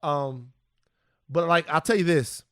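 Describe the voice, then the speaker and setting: A man co-hosting a podcast, talking in a casual, animated, playful way. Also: fairly high pitch, slow, clear, resonant tone, no room sound, studio quality. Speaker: podcast co-host.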